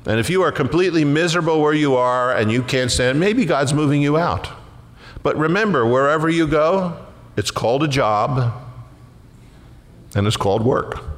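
Folksy preaching pastor in a reverberant hall. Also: male voice, mid-range voice. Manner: folksy, animated preaching with rising emphatic passages. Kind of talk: sermon.

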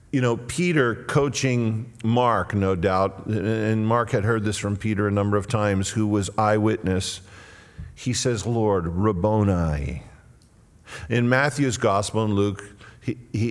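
A man preaching a sermon and telling the story dramatically, moving between loud cries and hushed tones. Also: lowish voice. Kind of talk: expository sermon. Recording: long reverb of a large hall.

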